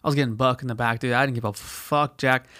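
A man's voice: medium pitch, fairly even intonation, quick pace, sharp tone, no echo. Man, podcast host, rambling profane story, slangy, dry close sound. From United States. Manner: profane, slangy, dramatizes quotes with put-on voices. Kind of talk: casual storytelling monologue.

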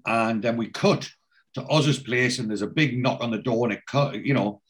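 A man's voice: mid-range voice, moderate pace. A man, casually recapping a TV episode as a podcast host, telling it in a rambling way with many fillers.

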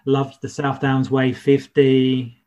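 A man's voice: medium pitch, monotone, slow, a little mellow, highs cut off, a little hiss or hum. A man hosting a podcast in casual chat, enthusiastic and chummy, calling his co-host mate.

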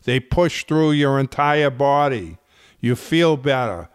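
A man who runs a fitness channel, explaining health topics in slow, deliberate, emphatic phrasing. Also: medium pitch, lively intonation, clean tone, no room sound, studio quality. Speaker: fitness instructor. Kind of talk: slow explanatory talk to camera.

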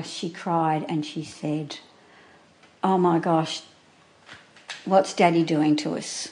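A woman being interviewed, recalling events from years ago in halting, earnest speech that often restarts mid-sentence. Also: fairly low pitch, creaky, a little mellow. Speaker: interviewee, former neighbour and friend. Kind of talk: recounting memories in an interview.

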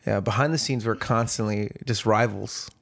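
A woman's voice: extremely low pitch, normal speed, vocal fry. A young woman co-hosting a podcast, bantering casually and swearing as she exaggerates jokes. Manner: jokey, profane, exaggerating for laughs. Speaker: podcast co-host.

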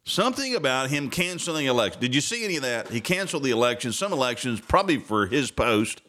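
A man's voice: mid-range voice, sing-song, quick pace, bright, forceful tone. A man hosting his own podcast, rambling through casual political commentary with a sarcastic, self-interrupting manner. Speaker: podcast host.

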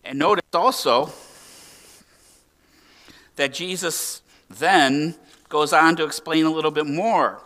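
A man preaching a sermon as pastor, swinging from emphatic, raised exclamations to quiet, hushed lines. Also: fairly high pitch, takes it slowly, pauses often. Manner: animated preaching with emphatic rises and hushed drops.

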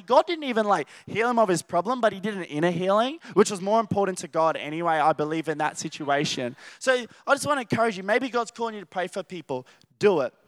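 Young Australian male preacher, high voice, rambling animated storyteller. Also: dry recording. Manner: animated, rambling storytelling with many restarts and laughs. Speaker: youth preacher. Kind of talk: casual sermon.

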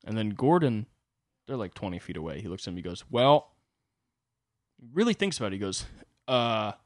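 A young man hosts his own podcast, telling a comedic story full of profane, rambling asides. His voice sits fairly low but swings widely in pitch. The sound is close and dry. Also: sing-song, fast, no echo. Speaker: podcast host.

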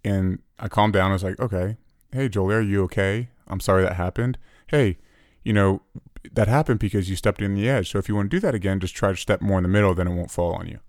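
Male co-host in his thirties, earnest and reflective, lower voice, dry close mic. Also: quick pace, a little mellow, dry recording. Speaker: podcast co-host. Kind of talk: casual podcast chat.

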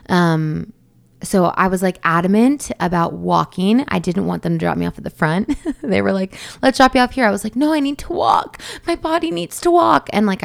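A young woman tells her story in a loose, chatty monologue, laughing now and then and wandering into side notes. Her voice sits a touch low and has a gravelly fry. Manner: chatty, laughs often, many fillers and asides. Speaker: new mother telling her birth story.

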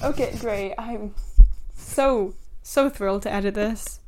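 A woman's voice: medium pitch, slow pace, a little mellow. A young woman running a tabletop game as game master, rambling and self-deprecating.

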